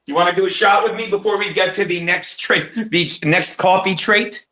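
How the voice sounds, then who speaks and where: Loud, high-voiced swearing man. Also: fairly even intonation, normal speed. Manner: loud, swearing, laughing storyteller. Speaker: co-host. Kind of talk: casual chat. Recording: echoey room.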